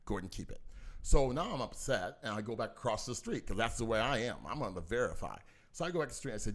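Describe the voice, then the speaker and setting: Low-voiced man telling a heated story. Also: quick pace. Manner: animated, acts out both sides of a dispute; talks forcefully. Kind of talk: casual storytelling on a podcast.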